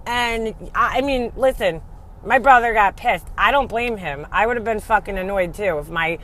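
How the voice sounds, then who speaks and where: A woman's voice: mid-range voice, normal speed, a bit bright. A woman telling a personal story in a casual, rambling way, speaking frankly and swearing freely. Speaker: blogger telling a family story.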